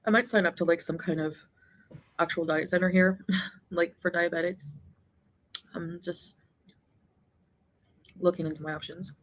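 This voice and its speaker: A woman's voice: fairly low pitch, fairly even intonation, a little slow, pauses often, rough recording. A woman chatting casually in a vlog while eating, rambling and laughing often. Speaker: vlogger.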